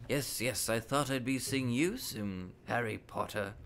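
A man reading aloud, voicing an eerie, precise old male wandmaker with measured, drawn-out phrasing. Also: medium pitch, fairly bright tone, slight background noise. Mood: musing.

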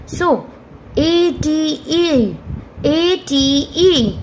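A woman with an Indian English accent teaches young children phonics and talks in a high, lively sing-song. She draws each letter and sound out slowly. Her voice rings through an echoey room with a long tail of reverb. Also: slight background noise. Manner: slow, spelling out letters and sounds, with high questioning prompts. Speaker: primary school English teacher.

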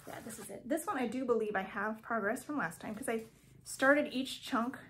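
Speaking at a normal speed, a woman with a higher, fairly bright voice vlogs from her home craft room about her cross stitch. The casual show-and-tell is chatty and rambling, full of ums and self-corrections, and there's a little hiss or hum.

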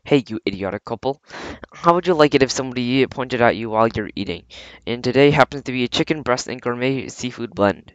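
A proud, grumpy male house cat, as a man reads him, with a sarcastic, indignant manner. His voice stays near a man's ordinary middle pitch. It comes across dull and dry, like a simple home recording. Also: lively intonation, fairly quick, no echo, natural voice.

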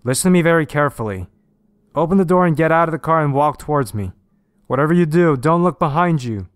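A man voicing a stern male police officer who gives urgent, drawn-out orders in a horror story. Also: fairly high pitch, animated, no room sound, clean studio sound, pitched above the performer's own voice, lightly acted. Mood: urgent commanding. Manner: loud, commanding, drawn-out warnings.

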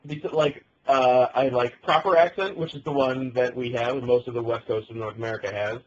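A man's voice: medium pitch, fairly even intonation, a little fast, dull audio. A young man co-hosting a casual podcast chat from a bedroom, bantering and laughing often. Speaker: podcast co-host.

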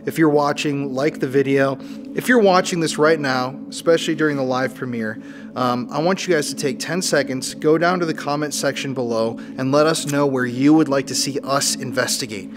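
A man hosting a paranormal investigation, talking casually and calling out loudly to spirits inside a dark abandoned mill. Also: mid-range voice, moderate pace. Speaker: paranormal show host.

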